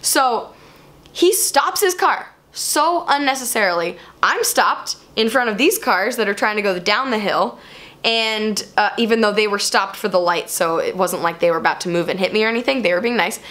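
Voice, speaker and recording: A woman vlogger telling a personal story to camera in an animated, expressive way. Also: medium pitch, normal speed.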